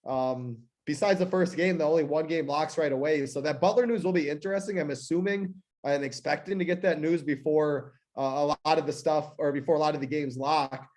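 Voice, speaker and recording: A male fantasy sports analyst with a voice sitting slightly high. He walks through game times and injury news methodically and without fuss. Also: fairly even intonation, a little fast, hardly any pauses, darkish tone. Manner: methodical, matter-of-fact.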